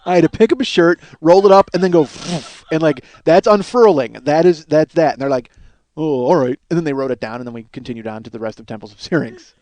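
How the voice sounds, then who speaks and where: A man's voice: fairly high pitch, fast talker, few pauses, a little mellow, no echo. A middle-aged man hosting a solo podcast, telling rambling, crude, self-mocking stories. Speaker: podcast host.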